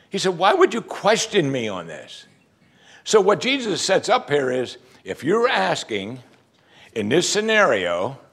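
A man preaching a sermon, animated and conversational, acting out quoted voices and jokes for the congregation. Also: mid-range voice, vocal fry, husky. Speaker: pastor.

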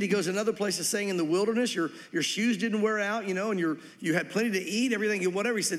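A man's voice: sits high, fast, in a large hall. A man preaching a sermon as pastor, reading scripture and acting out quoted voices with animation.

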